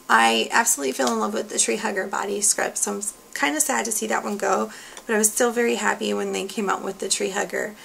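A woman chatting casually through a product review, relaxed and full of fillers, with her voice going hoarse. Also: mid-range voice, slight background noise, low-quality recording. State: losing her voice. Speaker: beauty product consultant.

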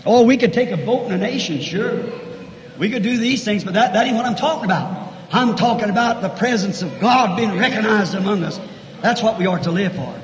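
A man preaching a fervent sermon, swinging from shouted lines to hushed asides in a large church. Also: high voice, fairly quick. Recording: echoey 1960s church hall recording with faint noise.

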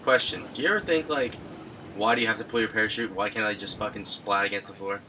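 A man's voice: fairly low pitch, fast, bright, forceful tone. A man hosting a gaming channel, chatting casually with friends as they play, laughing a lot and swearing freely. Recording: clear background noise.

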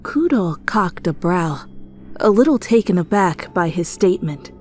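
A woman narrating a fanfiction reading as a whispered role-play, in hushed, deliberate storytelling. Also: on the low side, animated, soft background music. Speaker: fanfiction reader.

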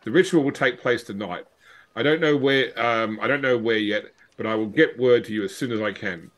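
A man's voice: mid-range voice, fairly quick, fairly bright tone, close to an everyday voice, poor audio. A man reading out a letter as a frightened male cult member pleading for help.

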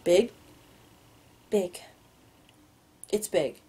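A woman voicing a guarded, controlled wealthy young man in an audiobook-style reading, speaking low and clipped. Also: animated, drawn-out words, mellow, breathy edge, heavily acted.

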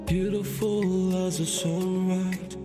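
A woman singing a slow, lyrical film theme song. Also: lowish voice, fairly even intonation. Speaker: singer. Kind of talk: sung soundtrack. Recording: song over loud music.

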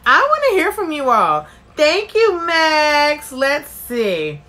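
Bubbly, bright-voiced woman hosting a livestream. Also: high-pitched, huge pitch swings, takes it slowly. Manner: bubbly, chatty, greets viewers by name. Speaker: livestream host. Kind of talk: casual live-stream chat reading viewer comments.

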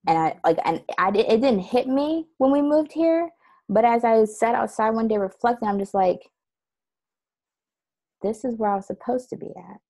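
A woman teaching a course, chatting casually and telling a story in an animated way, laughing often. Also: fairly high pitch, normal speed. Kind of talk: casual chat.

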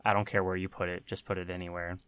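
A man co-hosting a podcast, chatting casually with deadpan, absurd humor. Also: sits low, fast talker, clean tone, dry recording. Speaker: podcast co-host. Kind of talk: casual chat.

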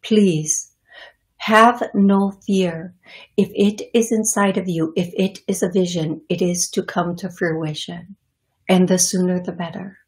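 Ascended spirit beings, slow and solemn with an odd ancient accent, voiced by a woman medium. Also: on the low side, steady tone, natural voice. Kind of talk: channeled spiritual message.

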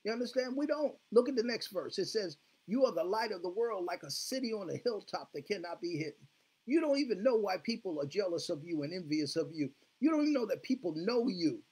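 High and expressive, a little mellow and slightly rough, the male pastor's voice moves briskly through his sermon. He fervently repeats "glory be to God, hallelujah" while leading call-and-response with the congregation.

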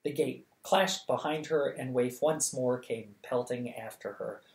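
A reader narrating a novel for bedtime at a steady, lively pace. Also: mid-range voice, unhurried. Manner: steady, lively, acts out the dialogue. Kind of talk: audiobook reading of a novel. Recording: echoey room.

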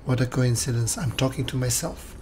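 A man with a hoarse, worn voice chatting casually while streaming a game and thanking viewers. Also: medium pitch, a little fast, dark tone, a little hiss or hum. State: hoarse, losing his voice. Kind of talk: casual live gameplay chat.

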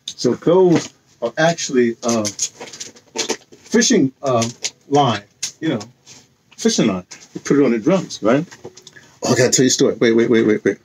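A man's voice: medium pitch, lively intonation, measured pace, long pauses, a little mellow, slight background noise. A man casually chatting in a vlog, telling a rambling story with lots of laughs and sounding tired from a day of walking. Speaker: vlogger. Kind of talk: casual chat.

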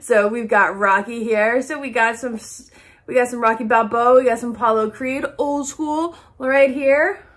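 A woman vlogger chatting casually to camera about her shopping haul, excitable and swearing freely. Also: on the high side, normal speed.

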